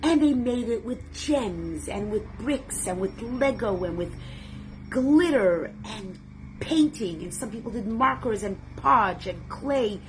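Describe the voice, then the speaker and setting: A woman teaching a religious class with a fairly high-pitched voice. She tells a story dramatically, leaning on words and letting the tension build. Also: animated, takes it slowly, soft background music. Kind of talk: storytelling lesson.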